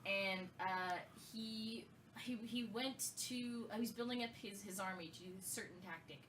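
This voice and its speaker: A woman's voice: mid-range voice, normal speed, a bit bright, recorded from a distance, slight background noise. A woman co-hosting a casual gaming podcast, telling a long story with many fillers and restarts. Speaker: podcast co-host.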